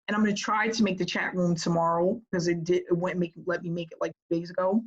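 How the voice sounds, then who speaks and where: A woman business coach talking to her group in a casual, energetic way, often checking in with "right?". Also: on the low side, quick pace, husky, muffled recording.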